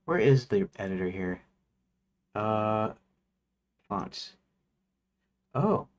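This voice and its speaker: A man's voice: lowish voice, animated, drawn-out words, highs cut off, a little hiss or hum. A man streaming his game development work, thinking aloud as he goes, with restarts and counting under his breath. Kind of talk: casual work-along commentary.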